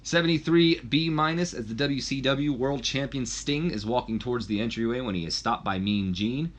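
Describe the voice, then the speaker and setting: A man's voice: mid-range voice, moderate pace. A man casually narrating a wrestling game session, rambling with fillers. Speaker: let's play host.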